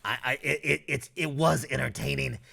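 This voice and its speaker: YouTuber, man from North Carolina, Southern accent, raspy fry-heavy voice, crude casual commentary. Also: mid-range voice, moderate pace, bright, forceful tone. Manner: crude, profane and blunt.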